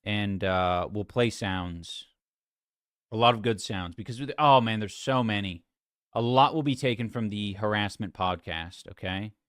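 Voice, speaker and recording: A man ranting casually on a livestream, animated and mocking, swearing freely. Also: lowish voice, a little slow, clean tone, no room sound, clean studio sound. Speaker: streamer.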